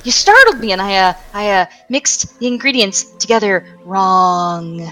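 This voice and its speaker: A woman voicing a flustered, excitable female elf shopkeeper who jumps up in pitch and talks breathlessly. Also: unhurried, soft background music. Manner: breathless, jumpy, squeaky rises in pitch.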